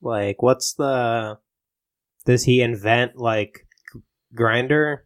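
A man adding absurd story twists in a matter-of-fact, deadpan way during a casual comedic chat. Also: medium pitch, extremely slow.

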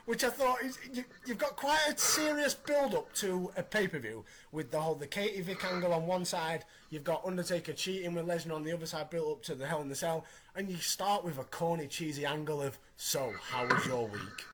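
High-voiced man in his thirties hosting. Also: fairly quick, hardly any pauses, background noise. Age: 30s. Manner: animated, opinionated recapping. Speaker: podcast host. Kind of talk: casual podcast chat.

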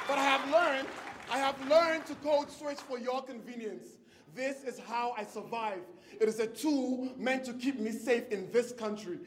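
A man's voice: extremely high pitch, measured pace, a bit bright, some chatter behind, slight background noise. A man from Ghana with a Ghanaian accent performing spoken word poetry with a rhythmic, impassioned delivery.

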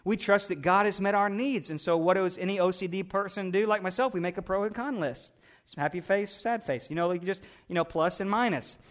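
A male pastor preaching with a high voice for a man. His sermon is conversational and animated, moving between teaching and storytelling. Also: fairly quick.

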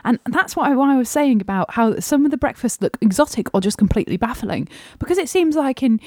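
An English woman co-hosting a food podcast, chatting casually and rising high in pitch when she gets indignant. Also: expressive, quick pace, warm tone, dry recording, studio quality. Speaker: podcast co-host. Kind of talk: casual chat.

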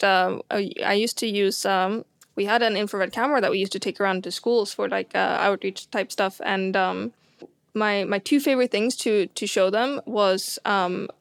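A woman's voice: medium pitch, dry recording. Chatty woman astronomer, dry sound. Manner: chatty, many fillers and restarts, laughs often. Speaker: astronomer guest. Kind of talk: casual science chat.

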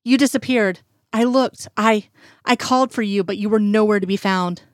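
A woman's voice: medium pitch, moderate pace, no room sound, clean studio sound, close to an everyday voice. Shaken middle-aged man in denial, voice cracking; woman reader. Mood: anguished denial. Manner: shaking, breaking with emotion. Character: shaken middle-aged male boss, guilt-ridden.

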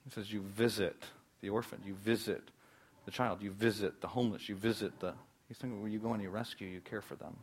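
Fast-talking male preacher. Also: fairly low pitch, fairly even intonation, husky. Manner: emphatic, swings between loud preaching and hushed asides. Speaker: pastor. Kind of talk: sermon.

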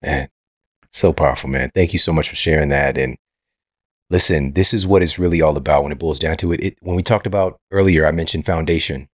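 Podcast host dude, really low voice, dry close mic, earnest. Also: male voice, a little fast, no echo. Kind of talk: casual interview talk.

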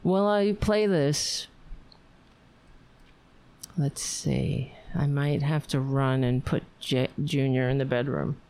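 A woman's voice: a bass voice, steady tone, slow pace, long pauses, a little mellow, a little hiss or hum. A tired woman hosting a casual livestream, chatting in a playful, rambling way. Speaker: livestream host.

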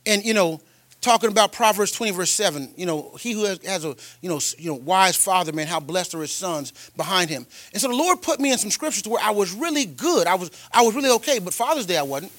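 A man preaching a sermon as a pastor, telling personal stories in a colloquial way, with delivery that swings from loud and emphatic to quiet and tender. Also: high-pitched, expressive, fast, dry recording. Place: church.

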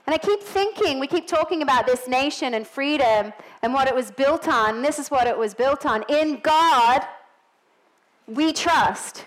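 A woman's voice: sits high, fairly quick, hardly any pauses, poor audio. A middle-aged woman with a non-American English accent, preaching a sermon in a church in a chatty way with joking asides.

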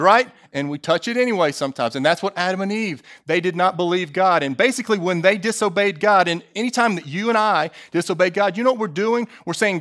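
Guy preaching, voice a bit high, slows way down on the big lines, keeps asking the room questions. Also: fairly bright tone. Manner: emphatic, slows for key phrases, asks the congregation questions; jokey asides to the congregation. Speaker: pastor. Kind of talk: sermon.

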